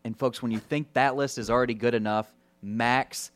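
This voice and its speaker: A man's voice: medium pitch, steady tone, normal speed, no room sound. A man co-hosting a sports talk show, confident and emphatic, building up points with lists of names. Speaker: sports radio co-host. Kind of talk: casual sports chat.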